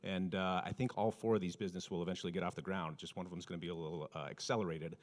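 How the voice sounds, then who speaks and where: A man's voice: sits low, fairly even intonation, rapid-fire. A man hosting a community event, reading announcements casually with fillers and a joke. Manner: casual, joking, many fillers. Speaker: event host.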